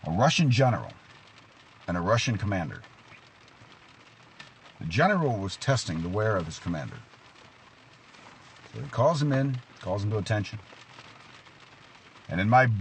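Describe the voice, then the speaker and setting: A man with a low voice gives a casual devotional talk outdoors and tells stories to make his points. His pitch swings widely as he poses questions. Faint rain patters in the background. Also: gravelly, a little hiss or hum. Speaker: preacher.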